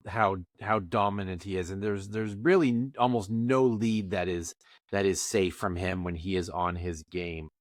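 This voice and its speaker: A man co-hosting a casual podcast, rambling and animated with lots of restarts and fillers. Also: medium pitch, dry recording, studio quality. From Canada. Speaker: podcast co-host. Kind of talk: casual chat.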